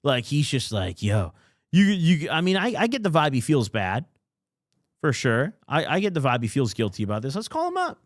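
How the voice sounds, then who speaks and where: A man's voice: medium pitch, sing-song, normal speed, no room sound. A male podcast host giving casual, sarcastic commentary with lots of wisecracks. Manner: sarcastic, wisecracking, says dude a lot.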